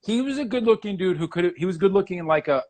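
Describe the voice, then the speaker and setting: A man hosting a casual conversation, animated and enthusiastic, swearing now and then. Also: sits high, racing. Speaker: host, artist.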